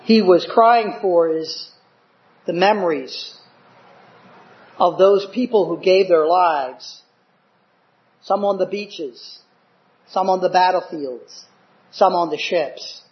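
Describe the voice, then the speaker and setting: Older guy preaching, high voice, slow and fervent, kinda muffled lo-fi sound. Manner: fervent, emphatic preaching with dramatic swells. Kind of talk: sermon. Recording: dull lo-fi recording.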